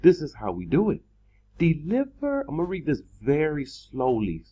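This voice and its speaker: A man preaching a sermon in an online video, emphatic, repeating words and slowing down to stress his points. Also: on the high side, huge pitch swings, mellow, husky, rough recording.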